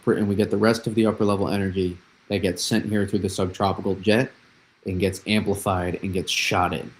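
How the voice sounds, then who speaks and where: A man's voice: on the low side, darkish tone, low-quality recording. A young man hosting a live weather analysis stream, explaining patterns with repeated phrases and frequent restarts. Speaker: weather forecaster, host.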